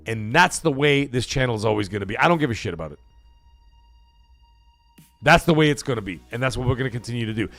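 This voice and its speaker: Animated, cursing stream host man. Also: mid-range voice, fast, long pauses, dry recording, soft background music. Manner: profane, rambling, animated. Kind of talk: casual live stream chat.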